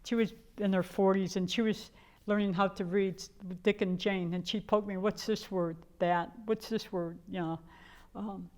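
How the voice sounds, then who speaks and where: A woman's voice: medium pitch, steady tone, normal speed, few pauses, darkish tone. An older woman from the Chicago area telling her own life story in a candid, rambling way, full of fillers and restarts. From Chicago area, USA. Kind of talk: personal storytelling.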